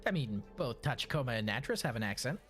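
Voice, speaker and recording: A man's voice: mid-range voice, sing-song, fast talker, a bit bright, faint music behind. A man from Texas streaming a video game, chatting casually and joking, with frequent swearing. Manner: laid-back, joking, swears often. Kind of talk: casual gaming chat.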